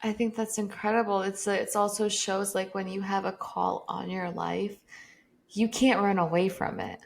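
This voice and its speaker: Flat, gravelly woman host. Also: medium pitch, normal speed, a little hiss or hum. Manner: reflective, affirming. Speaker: interview host.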